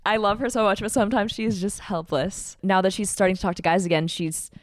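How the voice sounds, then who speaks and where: A woman's voice: medium pitch, fairly even intonation, a little fast, no echo. A twenty-year-old woman, a pop singer guesting on a podcast, talking casually with a sarcastic, candid manner and laughing at herself.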